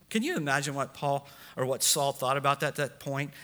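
A man's voice: fairly high pitch, normal speed, sharp tone. A man preaching a sermon as pastor, building emphasis and acting out quotes in his own voice. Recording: long echo of a large hall.

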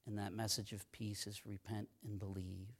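A man's voice: lowish voice, level tone, husky. Emphatic man preaching a sermon. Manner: emphatic, repeats key phrases, reads scripture slowly. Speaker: pastor.

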